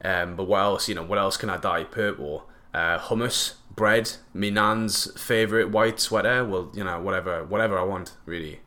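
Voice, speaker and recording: A man's voice: deep voice, steady tone, moderate pace, few pauses, bright, forceful tone. A young man, chatting casually and jokily to camera, rambling with lots of fillers and slang. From northeast England.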